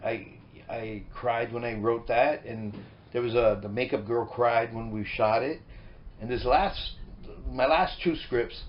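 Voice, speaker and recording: A middle-aged man and comedian turned filmmaker, chatting in an animated, rambling way with many restarts as an interview guest on a boat. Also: mid-range voice. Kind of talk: casual interview chat. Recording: muffled lo-fi recording with faint noise.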